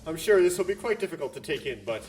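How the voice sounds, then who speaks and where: A man voicing a composed, formal male schemer, calm and assured in every line. His voice sits slightly high, with faint game music in the background. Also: quick pace.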